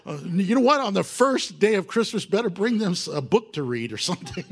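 A man teaching a Bible lesson in a casual, animated way, often laughing and acting out quoted apologies. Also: high-pitched, a little fast, slight background noise.

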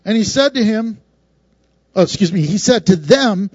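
Lively high-voiced male preacher. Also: moderate pace, slightly rough, no echo, dull audio. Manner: animated, conversational, laughs often, acts out voices. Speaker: pastor. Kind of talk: sermon.

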